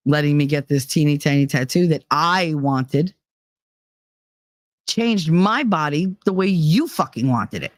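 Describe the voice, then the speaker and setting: A woman hosting a podcast, telling a personal story in a casual, profane way and acting out the people she quotes with sudden jumps in pitch. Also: dry recording, studio quality. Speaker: podcast host.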